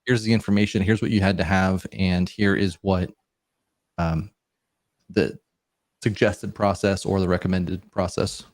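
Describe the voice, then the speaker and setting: A man's voice: low-pitched, fairly even intonation, unhurried, pauses often, no echo. A man co-hosting a podcast in casual conversation, dropping dry joking asides. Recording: dry close sound.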